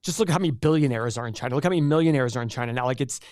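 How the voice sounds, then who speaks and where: A livestream host chats casually with viewers, answering their questions in a rambling way and often restarting his sentences. His medium-pitched, darkish voice comes rapid-fire, captured in studio quality with no room sound.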